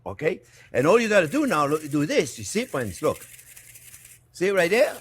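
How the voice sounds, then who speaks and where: A man, a chef giving a casual cooking demonstration in his kitchen. He keeps calling his viewers "friends" and laughs easily. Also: a little high. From France. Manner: chatty, repeats "friends" often, laughs easily.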